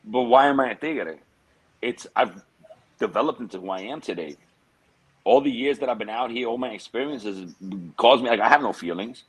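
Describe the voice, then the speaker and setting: A man's voice: mid-range voice, husky, poor audio. A man, a guest telling stories in a casual interview, streetwise and full of slang. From United States. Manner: streetwise slang, drawn-out tangents.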